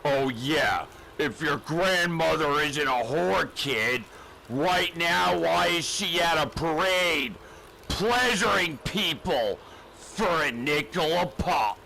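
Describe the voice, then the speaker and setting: A crude, bullying drill sergeant, as a man puts him on, barking slow, deliberate orders. The voice is bright and pushed, with a gruff, mocking edge, and the delivery stays unhurried. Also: fairly high pitch, lively intonation, slight background noise, full character voice. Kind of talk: comedic spoof acting.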